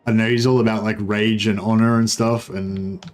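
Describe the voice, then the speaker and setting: A young Australian gaming streamer gives rambling, laid-back commentary on a strategy game, full of fillers. His voice is on the low side and flat at a moderate pace, with faint music behind.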